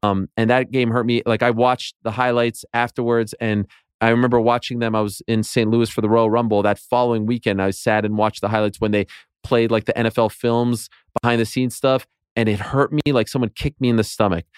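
A man's voice: mid-range voice, little pitch movement, brisk, clean tone, no room sound, clean studio sound. Passionate man in his late 30s. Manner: passionate, rants with rising intensity. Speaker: guest. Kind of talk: casual sports chat.

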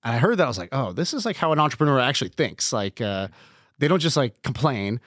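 A podcast guest talks fast in a mid-range voice, telling stories in a casual chat. He is animated and acts out quoted dialogue, and the recording is dry and studio quality.

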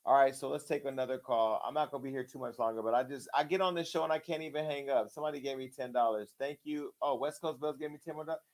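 A man's voice: medium pitch, fairly even intonation, fast talker, few pauses. A man hosting a live call-in show, brash and joking, talking to callers bluntly. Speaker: host.

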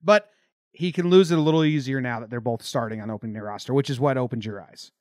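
A young man co-hosting a sports podcast, talking in a quick, opinionated, loose way. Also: mid-range voice, a little mellow, dry recording, clean studio sound. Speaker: podcast co-host. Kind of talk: casual sports podcast chat.

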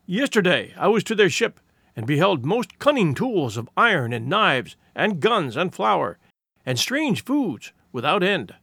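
A man voicing a tribesman who speaks slowly with awed emphasis in a storybook reading. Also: high voice, very animated, fairly bright tone, breathy edge, no echo, studio quality, heavily acted. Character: wondering male tribesman, impressed by wealth.

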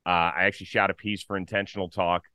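A man hosting a baseball talk show, upbeat and lively in casual chat. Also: deep voice, fast, dry recording. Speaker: host.

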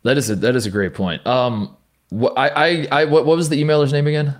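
A man's voice: mid-range voice, steady tone, fairly quick. A young man co-hosting a podcast, telling stories in a rambling way full of restarts and stammers. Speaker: podcast co-host. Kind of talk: casual chat.

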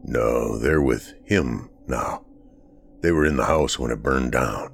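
Brief: a male narrator doing a somber, fatalistic man, deep and quiet, apologetic, for a horror storybook. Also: slow pace, creaky, a little hiss or hum, heavily acted. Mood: sorrowful, subdued. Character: grim, sorrowful man resigned to fate.

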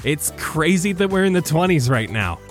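A man's voice: fairly high pitch, big pitch swings, moderate pace, soft background music. A man hosting a podcast, giving a grateful, upbeat outro. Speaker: podcast host. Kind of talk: show outro.

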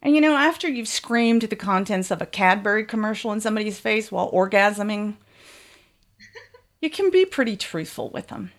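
A woman's voice: mid-range voice, expressive, moderate pace. A woman frankly telling a bawdy, comic first-person story.

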